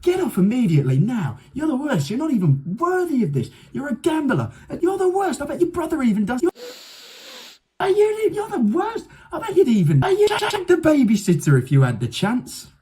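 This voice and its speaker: A man putting on a middle-aged male talk show host who loudly berates his guests with sneering, repeated insults. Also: very high voice, huge pitch swings, moderate pace, voice pushed up, exaggerated voice. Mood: sneering, berating.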